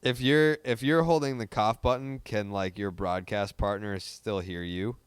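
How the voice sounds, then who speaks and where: A man's voice: on the low side, steady tone, a little slow, clean tone, no echo. A man co-hosting a baseball podcast in a casual, wry way, swearing now and then. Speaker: podcast co-host. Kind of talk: casual chat.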